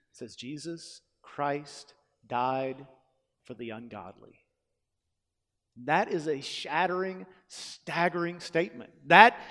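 Preacher guy telling a story in a sermon, fairly high voice, lots of hall echo, goes loud then hushed. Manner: dramatic storytelling, big swings between loud and hushed. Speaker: pastor.

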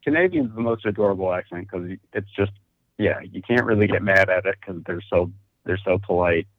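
A man's voice: deep voice, very animated, brisk, creaky, no room sound. Man, casual podcast chat, easygoing, tinny phone-like sound, dry. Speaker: podcast co-host.

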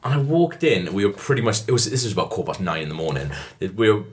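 A man's voice: fairly low pitch, sing-song, quick pace. A young Welsh man with a Welsh accent, telling a rambling travel anecdote in casual podcast chat, acting out the people he quotes. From Wales. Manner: rambling anecdote with frequent laughs and put-on quotes.

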